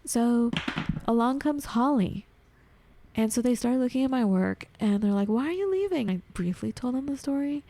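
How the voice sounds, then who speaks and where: A woman tells a personal story on a podcast with a gravelly, mellow voice. She talks animatedly, slips into the voices of people she quotes, and scatters filler words throughout. Her voice is recorded dry and close. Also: fairly high pitch, normal speed, dry recording. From United States. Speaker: podcast guest. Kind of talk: conversational storytelling.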